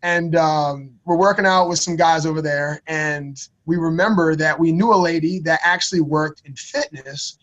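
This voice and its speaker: A man in his thirties with a notably high voice tells a personal story as a podcast guest. He talks casually and uses slang. He often stumbles and repeats words, which keeps the story lively. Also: normal speed, few pauses, dull audio.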